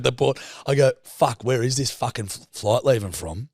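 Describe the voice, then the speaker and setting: A man's voice: medium pitch, normal speed, no room sound, studio quality. A young Australian man co-hosting a podcast, telling a story casually, swearing a lot and acting out the dialogue. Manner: swears freely, animated anecdote with quoted dialogue. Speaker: podcast co-host.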